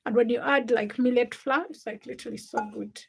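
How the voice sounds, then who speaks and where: A woman's voice: a little high, steady tone, brisk, vocal fry, breathy edge. A young woman hosting a casual livestream, chatting with viewers and reading their comments aloud while she cooks. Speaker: livestream host.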